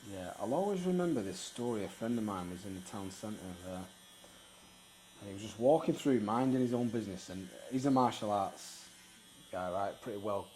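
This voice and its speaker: Low-voiced man, reflective host. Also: lively intonation, moderate pace, darkish tone, a little hiss or hum, poor audio. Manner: reflective, storytelling. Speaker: podcast host. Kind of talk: casual interview chat.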